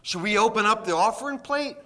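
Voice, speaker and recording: A man's voice: sits high, expressive, brisk, fairly bright tone. A man, a pastor, preaching a sermon in a folksy, emphatic way with jokes.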